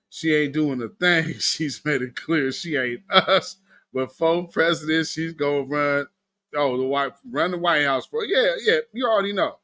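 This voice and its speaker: A man hosting a live stream, giving casual political commentary, talking to his chat and laughing often. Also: a little high. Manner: animated, laughing, talks to chat. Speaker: livestream host.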